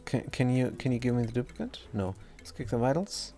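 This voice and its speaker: Over soft background music, a young man talks fairly quickly in a very animated, mellow voice of medium pitch. English isn't his first language, and his accent comes through as he streams a game, chatting casually, rambling, running himself down, and stumbling and restarting words.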